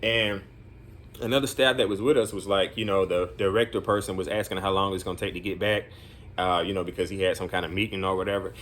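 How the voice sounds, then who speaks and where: A man's voice: low-pitched, steady tone, fast, a bit bright, a little hiss or hum. A man working as a group home counselor, telling a story in casual vlog talk, rambling with many fillers and earnest, encouraging asides.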